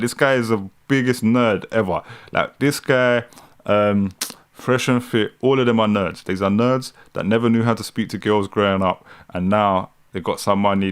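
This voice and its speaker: Young man, London street accent, fairly low voice, livestream reaction host, mocking, laughs a lot. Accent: British, London street style. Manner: mocking, laughs often, talks to chat. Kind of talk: live reaction commentary.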